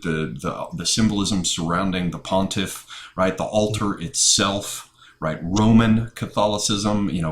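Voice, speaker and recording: Podcast host, man, Southern drawl, low-pitched, cursing rant, echoey room. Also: a bit bright. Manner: profane, heated ranting. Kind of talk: casual ranting podcast talk.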